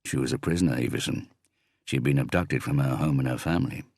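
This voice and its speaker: A cold, icy police inspector in an audiobook, read by a man. He presses in a measured, deliberate way, with a very deep voice, some gravel in it, and a dry close sound. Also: a little mellow, dry recording, heavily acted. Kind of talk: audiobook character reading.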